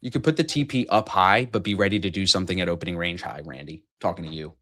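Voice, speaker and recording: A man's voice: low voice, quick pace, bright, forceful tone. A man trading on a live stream, rambling and joking crudely while teasing his co-hosts. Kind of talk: casual crude banter.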